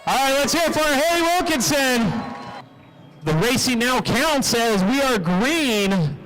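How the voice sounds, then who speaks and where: High-pitched excitable race announcer man. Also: measured pace, slight background noise, rough recording. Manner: excitable play-by-play, jokey with drivers. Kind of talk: live race commentary and interviews. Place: outdoor speedway.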